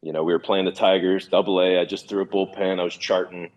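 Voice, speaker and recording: A man in his thirties from California, a former pitcher telling stories in an easygoing interview, with many fillers and restarts. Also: little pitch movement, fast, muffled recording. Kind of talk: relaxed storytelling interview.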